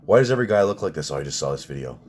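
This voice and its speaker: A man's voice: very deep voice, lively intonation, rapid-fire, darkish tone, slight background noise. A man in his thirties ranting sarcastically in a casual vlog, swearing often. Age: 30s. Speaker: vlogger.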